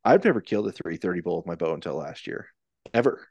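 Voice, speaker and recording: Low-voiced man telling a hunting story. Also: animated, quick pace, darkish tone, dry recording. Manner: rambling, many restarts and fillers. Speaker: podcast guest, elk hunter. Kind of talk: casual storytelling.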